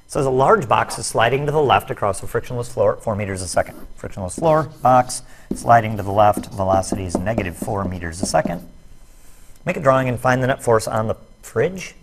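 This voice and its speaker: In a recorded classroom video, a man with a medium-pitched, lively voice teaches net force fairly quickly against slight background noise. He walks through worked problems step by step, tossing in jokey, self-deprecating asides.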